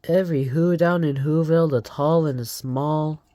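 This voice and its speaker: A channel host slowly reading a storybook aloud, emotional about the story. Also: medium pitch, steady tone, warm tone, dry recording.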